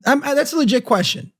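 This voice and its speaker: A man's voice: very high-pitched, fairly bright tone. A man co-hosting a podcast in casual chat, teasing his partner with dry critiques. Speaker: podcast co-host.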